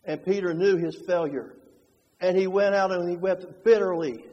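A man preaching a sermon, moving between hushed, slow passages and fervent, rising ones. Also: high voice, lo-fi sound. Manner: dynamic, swings from hushed to fervent. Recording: long hall reverb.

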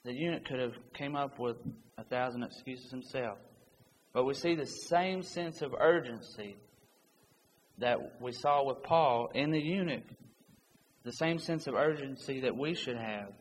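A man delivers an earnest, urgent sermon, reading scripture aloud between his own points. His voice sits at a middle pitch and rings with a long reverb from a church hall, over a faint background hiss. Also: measured pace. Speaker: preacher.

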